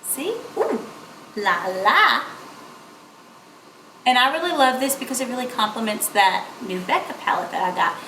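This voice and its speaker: A woman's voice: fairly high pitch, expressive, fast, hardly any pauses, fairly bright tone, a little hiss or hum. A young woman, chatting playfully through a makeup tutorial. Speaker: beauty vlogger. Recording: echoey room.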